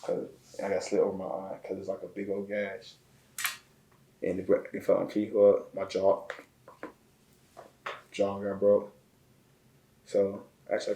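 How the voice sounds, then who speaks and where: Deep-voiced man telling a story, echoey room. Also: darkish tone. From Chicago. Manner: emotional, halting, repeats words. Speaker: interview guest. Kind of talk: casual storytelling.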